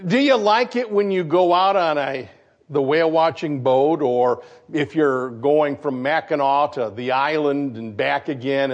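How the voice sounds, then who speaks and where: A man from Michigan, a pastor preaching a sermon, animated and putting questions to his congregation. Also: a little high. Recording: dull lo-fi recording.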